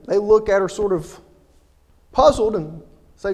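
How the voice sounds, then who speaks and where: Hesitant preacher with a high voice. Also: male voice, darkish tone, long reverb tail. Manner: halting, many fillers and repeated words. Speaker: minister. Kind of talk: sermon.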